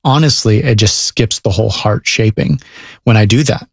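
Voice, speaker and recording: A man speaking earnestly about parenting and faith in a relaxed conversation. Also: fairly low pitch, moderate pace, creaky, husky, dry recording, studio quality. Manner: earnest, speaks of God and discipleship.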